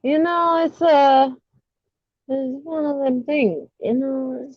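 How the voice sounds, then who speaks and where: A woman's voice: high-pitched, takes it slowly, no room sound. A woman hosting a casual live stream, giggling and self-deprecating as she chats. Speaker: livestream host. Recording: dull lo-fi stream audio.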